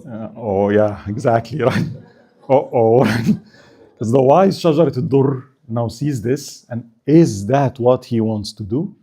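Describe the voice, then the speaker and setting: A man's voice: mid-range voice, slow, dark tone, husky. A man giving a casual history lecture at an Islamic center, often checking in with "right?" and joking with his listeners. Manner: keeps asking the audience "right?", joking and laughing.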